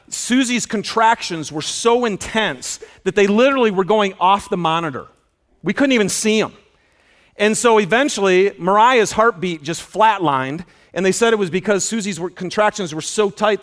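Male pastor, high voice, animated sermon storyteller who shouts out quoted lines. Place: auditorium.

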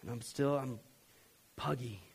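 A middle-aged pastor tells a story from the pulpit in a slightly high, lively voice. He talks to the room like a friend and keeps checking that they are following. He lurches from loud bursts to hushed admissions. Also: normal speed. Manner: conversational and self-deprecating, often checking in with the listeners; swings from loud, animated outbursts to low, quiet confession. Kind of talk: storytelling sermon.

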